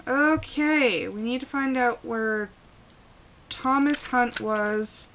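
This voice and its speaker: A young woman streaming a horror game live, working slowly through puzzles and breaking into frightened exclamations. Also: a little high, a bit bright, slight background noise. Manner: jumpy, frightened exclamations between slow puzzle-solving. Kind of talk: live gameplay commentary.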